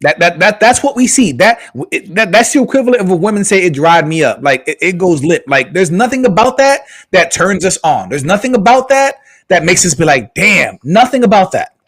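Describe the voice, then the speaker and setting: A man's voice: high-pitched, sing-song, a little fast, hardly any pauses, a bit bright. A man co-hosting a podcast, talking in a casual, emphatic way and often repeating his words. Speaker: podcast co-host. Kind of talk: casual chat.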